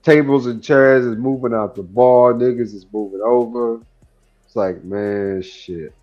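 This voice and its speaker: A man rambling through a story in a casual chat, full of fillers and swearing. His pitch is average for a man. The sound is muffled, and faint music plays underneath. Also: fairly even intonation, unhurried.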